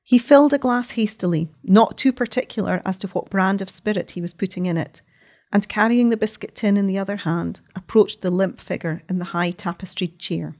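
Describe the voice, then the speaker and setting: Woman reading a story aloud, measured. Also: mid-range voice, darkish tone. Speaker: narrator. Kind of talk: audiobook narration.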